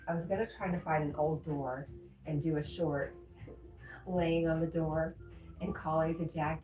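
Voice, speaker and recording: Woman streamer, mellow low voice, casual comment-reading host, often laughing. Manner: chatty, laughs often, reads chat aloud. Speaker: livestream host. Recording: roomy echo with faint music.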